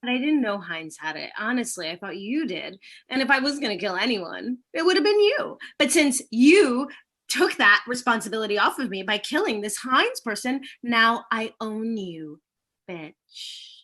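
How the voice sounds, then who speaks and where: A woman playing a blunt, scheming wife who accuses her husband, in a brash, deadpan improvised comedy. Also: a little high, normal speed.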